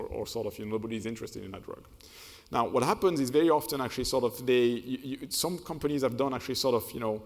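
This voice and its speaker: Fast-talking man on a conference panel. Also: mid-range voice. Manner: hesitant, many fillers and restarts. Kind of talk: unscripted panel answer. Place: conference hall. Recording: reverberant conference hall.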